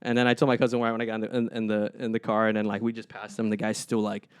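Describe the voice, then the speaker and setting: A man's voice: lowish voice, rapid-fire, clean tone. A young man, a podcast co-host, telling stories in a casual chat and acting out the people in them. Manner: animated, acts out people in his stories.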